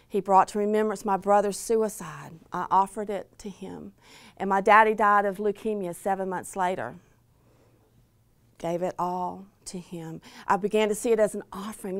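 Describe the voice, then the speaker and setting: A woman's voice: medium pitch, fairly even intonation, normal speed, no echo. A woman speaker at a Christian conference sharing an emotional personal testimony, earnest and tender, sometimes sinking to near-whispers.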